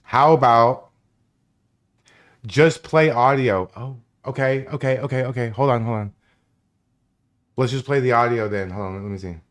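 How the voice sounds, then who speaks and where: A man hosting a live stream, excitable and profane, talking over himself as he scrambles to find and play a clip. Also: mid-range voice, moderate pace, pauses often. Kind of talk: casual live stream chat.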